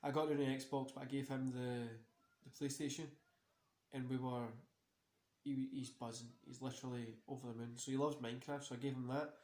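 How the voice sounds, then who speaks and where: A tired man chatting casually through a wrestling watch-along, his voice sitting at an ordinary middle pitch. He rambles, swears freely and leans on fillers, and the room around him rings with a noticeable echo. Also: flat delivery, brisk, a little mellow. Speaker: host. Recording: roomy echo.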